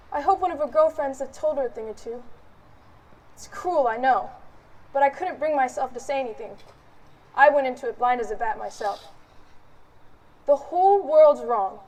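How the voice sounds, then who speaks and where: A woman playing a fretful, middle-aged mother of the bride. She confides to the audience in a high voice. The voice is heard from some distance on a stage recording. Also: natural voice. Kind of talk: stage play acting.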